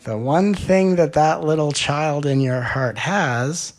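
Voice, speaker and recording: A man giving a spiritual talk as a teacher, playful and teasing, swinging between loud, excited questions and soft, slow reflection. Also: a little high.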